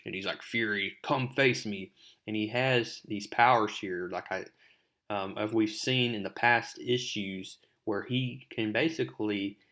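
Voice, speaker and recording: A man's voice: on the low side, fairly bright tone. Casting note: an easygoing man recapping a comic, chatty and filler-heavy. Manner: rambling, filler-heavy retelling. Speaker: comic book reviewer.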